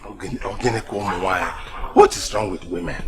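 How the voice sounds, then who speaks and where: An actor with a Nigerian accent playing a boastful, coaxing husband of two wives, shouting for one and wheedling the other. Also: male voice, lowish voice, a little slow, a little hiss or hum. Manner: animated, calls out loudly, then wheedles softly.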